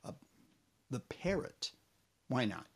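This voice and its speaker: A man's voice: mid-range voice, sing-song, slow pace, gravelly, breathy edge. A man teaching a children's music lesson, playful and rambling, singing short phrases and often correcting himself. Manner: drums on a table.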